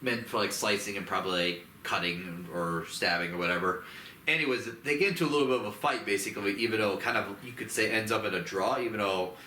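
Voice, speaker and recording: Man, casual chat, lots of fillers, low bright voice, faint noise behind. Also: fast. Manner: rambling with many fillers, bursts into high squeaky quoted voices. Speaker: co-host. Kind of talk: casual movie recap chat. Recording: roomy echo with faint noise.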